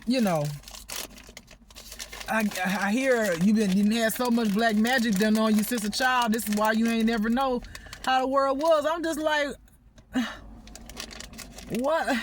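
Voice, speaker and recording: High-voiced woman, off-the-cuff vlog rant, rambling, agitated, profane, pleading. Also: fairly bright tone, a little hiss or hum. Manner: rambling, agitated, swears often; pleading, exasperated outbursts. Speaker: spiritual vlogger. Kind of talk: unscripted venting monologue.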